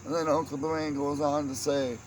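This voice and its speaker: A man's voice: on the high side, little pitch movement, normal speed. A man casually telling funny family stories in a rambling way, chuckling at his own tales. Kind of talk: casual storytelling monologue. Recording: noisy background.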